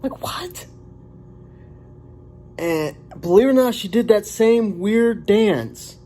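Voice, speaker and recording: A man in his forties telling a story to camera in a rambling, halting way, full of fillers and restarts. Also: high voice, dark tone. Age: 40s. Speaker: vlogger.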